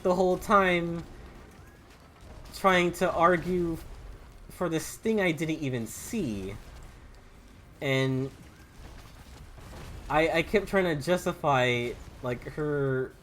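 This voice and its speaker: A man's voice: on the high side, a bit bright, a little hiss or hum. A young man with a Southern US accent, rambling and stammering through restarts as he comments while gaming. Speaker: gaming YouTuber. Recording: faint game music behind.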